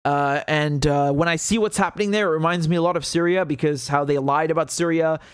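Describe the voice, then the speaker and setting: A man hosting a live political commentary show, sounding heated and sarcastic and swearing freely. His voice sits fairly high for a man. The sound is close and dry, with no room around it. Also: fairly even intonation, fairly quick, clear, resonant tone, dry recording.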